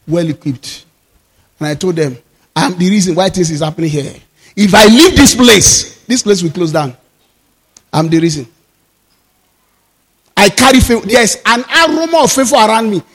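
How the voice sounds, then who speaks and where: A Nigerian man preaching a sermon as pastor, with fervent declarations that rise into shouts. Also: high-pitched, lively intonation, moderate pace, pauses often, slightly rough, long reverb tail.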